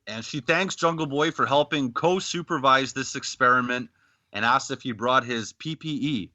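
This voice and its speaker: A man from Canada hosting a podcast, retelling a wrestling clip in a lively storytelling way with acted-out quotes. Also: mid-range voice, normal speed, dry recording. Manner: animated storytelling, acting out quotes. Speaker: podcast host. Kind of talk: casual podcast recap.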